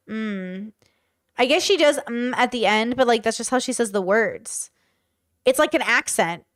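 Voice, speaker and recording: A woman's voice: a little high, fairly bright tone, no echo, studio quality. A woman from California with a Californian accent, co-hosting a casual podcast. She chats freely and peppers her speech with "bro" and "like". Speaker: podcast co-host.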